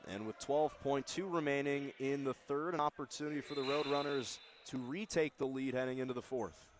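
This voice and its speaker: A man giving live basketball play-by-play, calling plays quickly and shouting on the big moments. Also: mid-range voice, fairly even intonation, a crowd in the background. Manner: rapid calls that rise to shouts on big plays. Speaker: play-by-play announcer.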